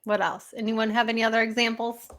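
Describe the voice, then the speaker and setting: A woman's voice: a little high, flat delivery, fast, fairly bright tone. A woman hosting a casual live stream, rambling, laughing often and chatting with her viewers.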